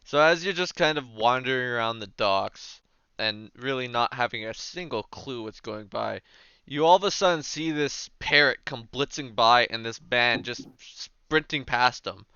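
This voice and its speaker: A man's voice: medium pitch, moderate pace, bright, forceful tone, clear, resonant tone, dry recording, lo-fi sound. A man narrating a tabletop game as game master, casual and full of fillers.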